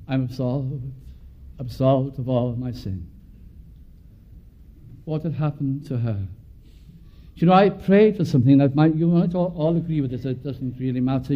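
A man from Wales preaching a sermon earnestly, swelling from quiet musings to fervent prayer. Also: mid-range voice. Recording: dull lo-fi recording.

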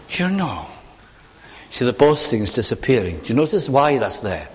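Animated preacher in a ringing hall. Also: male voice, mid-range voice, normal speed. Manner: animated, searching, rhetorical questions to the congregation. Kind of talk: sermon.

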